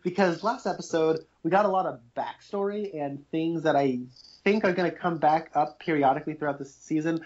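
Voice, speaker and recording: A man with a fairly quick, highish, darkish voice co-hosts a podcast, eagerly discussing a TV episode. He rambles enthusiastically with lots of fillers, and the audio is muffled and lo-fi.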